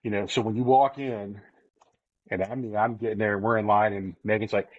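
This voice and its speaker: Excitable swearing man telling a story. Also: lowish voice, normal speed, no echo, narrow, tinny audio. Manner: excited, swearing, retells his own quoted lines. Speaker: podcast co-host. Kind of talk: casual storytelling chat.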